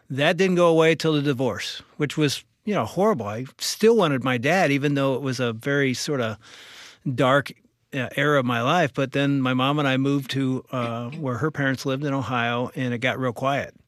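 A man in his sixties, a co-host telling a story in conversation, animated and self-mocking. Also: mid-range voice, moderate pace, no echo, clean studio sound.

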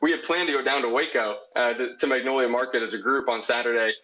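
A man's voice: mid-range voice, steady tone, quick pace, pushed and bright, highs cut off. Earnest young man telling a long story. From South Dakota. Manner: earnest, rambling, quotes people as he tells it. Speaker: caller asking a question. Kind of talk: candid storytelling.

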